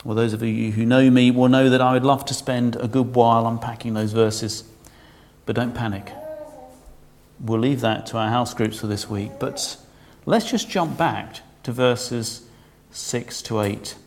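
A man's voice: medium pitch, fairly even intonation, unhurried, darkish tone, slight background noise. A man preaching a sermon in a conversational, humorous way, asking his congregation questions.

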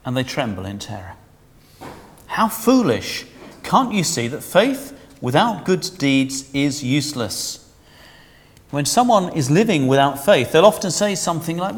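Lively man preaching in a hall. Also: on the high side, a little slow. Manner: lively, conversational preaching with rhetorical questions. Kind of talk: sermon.

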